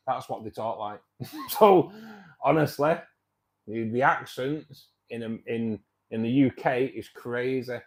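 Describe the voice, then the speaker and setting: A man's voice: mid-range voice, takes it slowly, creaky. A man, hosting a casual live-stream chat about his hobby, rambling with lots of fillers and restarts. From England. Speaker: fishkeeping club host.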